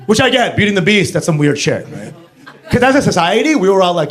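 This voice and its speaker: A man's voice: high voice, big pitch swings, fast talker, fairly bright tone. A man performing a brash, profane stand-up set on a club stage, mimicking accents and voices. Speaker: stand-up comedian. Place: comedy club stage before a live audience.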